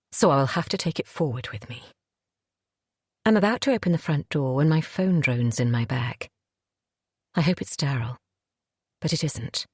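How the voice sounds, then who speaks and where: This is scripted first-person audiobook narration delivered by a woman whose voice is low, husky, and a little mellow. There's no room sound, and the audio is clean studio quality.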